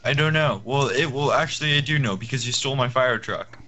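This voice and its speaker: Bright-voiced exasperated man. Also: mid-range voice, fairly quick. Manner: exasperated, pleading. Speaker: roleplaying firefighter player. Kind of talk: casual game roleplay.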